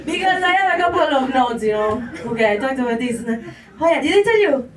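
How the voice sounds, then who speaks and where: High-voiced foreign-accented woman doing stand-up. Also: lively intonation, quick pace. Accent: non-native English. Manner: chatty, laughs at her own jokes, swears. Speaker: stand-up comedian. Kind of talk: stand-up comedy set. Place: live comedy venue with audience. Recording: echoey room, mic heard from a distance, crowd laughter.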